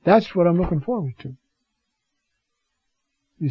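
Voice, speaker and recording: A man preaching on scripture in an animated way, with rhetorical questions and sudden leaps in pitch. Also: moderate pace, pauses often, breathy edge, no echo. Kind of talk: sermon on scripture. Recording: dull, lo-fi dry recording.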